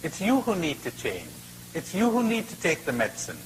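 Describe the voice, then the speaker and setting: A man giving a spiritual talk and telling a fable, expressive with dramatic pauses. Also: a little high, slight background noise, rough recording. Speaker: spiritual speaker.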